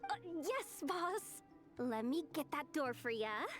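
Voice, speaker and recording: A woman's voice: high-pitched, lively intonation, takes it slowly, over music. An actress playing a casual, slangy young woman assistant in a video game. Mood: obliging.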